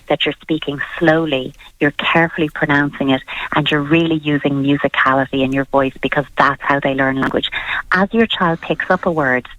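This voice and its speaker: A woman speaking as a parenting expert on a radio talk show, explaining advice calmly and practically. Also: deep voice, dry recording. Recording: dull lo-fi radio sound.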